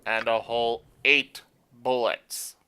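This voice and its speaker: A woman's voice: rumbling low, steady tone, takes it slowly, sharp tone, slight background noise. A tired woman streamer chatting casually over a game, yawning and laughing between remarks. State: sleepy, yawning.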